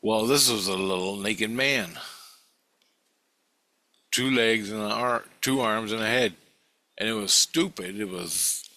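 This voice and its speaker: A man's voice: lowish voice, slow, long pauses, bright, forceful tone. A man retelling a strange dream in a rambling, profane way, with many restarts and swears.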